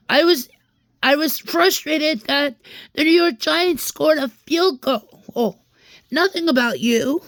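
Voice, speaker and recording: A woman's voice: sits high, unhurried, fairly bright tone, no room sound. A young woman telling a rambling personal story in a vlog, frustrated and venting, often restarting and repeating her words. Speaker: vlogger.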